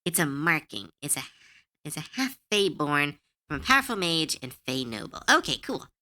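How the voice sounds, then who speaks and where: A woman's voice: low-pitched, big pitch swings, moderate pace, bright, forceful tone. A woman streamer in casual livestream chat, giggly, chatty and self-deprecating.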